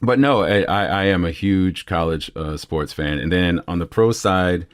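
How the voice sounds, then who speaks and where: A male voice actor chats as a podcast guest in an extremely low, rumbling voice. He is casual and self-deprecating, and his sentences wander with plenty of fillers. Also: moderate pace.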